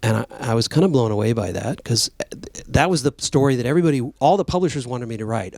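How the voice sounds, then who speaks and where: An author at a book talk speaks conversationally to an audience, using frequent fillers and restarts and becoming animated when quoting. His gravelly voice is medium in pitch, quick, with hardly any pauses and no room sound.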